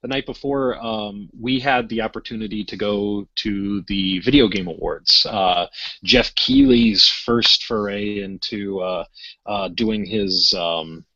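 A man's voice: fairly low pitch, slow pace, dry recording. A man co-hosting a gaming podcast, telling a story in a rambling way full of fillers and restarts. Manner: rambling, many fillers and restarts, animated when acting out quotes. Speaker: podcast co-host. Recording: dull lo-fi sound.

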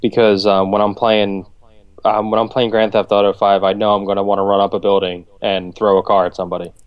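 A man with a fairly low voice chatting easygoing on a podcast. His mic sounds dull and lo-fi, dry with no room echo. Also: level tone, brisk. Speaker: podcast co-host. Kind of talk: casual chat.

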